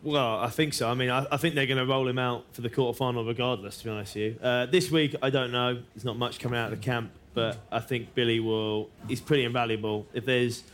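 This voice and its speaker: Relaxed man chatting on a rugby podcast. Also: mid-range voice, quick pace, few pauses. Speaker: podcast co-host. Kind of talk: casual chat.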